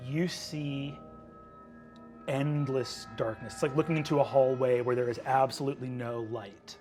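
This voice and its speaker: Brief: male game master, vivid descriptive narration, mid-pitched, music bed behind. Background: background music.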